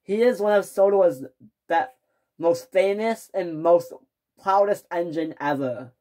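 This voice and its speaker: A woman's voice: on the low side, measured pace, mellow, natural voice. A woman playing a stern railway boss. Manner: firm, scolding, clipped orders. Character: stern male railway controller, middle-aged, strict. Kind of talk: toy train fan story.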